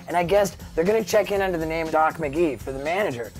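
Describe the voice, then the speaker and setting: A man in his thirties telling stories in a casual interview, rambling and filling every pause with "like" and "you know.". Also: fairly high pitch, soft background music. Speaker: guest.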